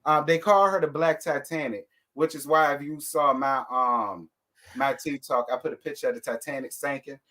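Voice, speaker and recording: A man's voice: medium pitch, steady tone, normal speed, pushed and bright. A man hosting a live stream, ranting bluntly and sassily at his viewers, cursing freely. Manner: sassy, fired-up, blunt with cursing. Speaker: host. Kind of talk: casual live-stream rant.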